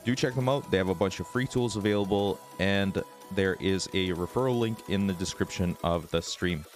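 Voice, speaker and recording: Raspy low-voiced male streamer. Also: moderate pace, faint music behind. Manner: relaxed, swears, laughs often. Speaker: trading streamer. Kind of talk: casual live-stream chat.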